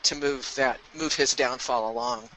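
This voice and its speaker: A man's voice: mid-range voice, normal speed, pushed and bright, slight background noise, poor audio. A man co-hosting a casual discussion, giving short agreeable replies and the odd joke. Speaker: podcast co-host.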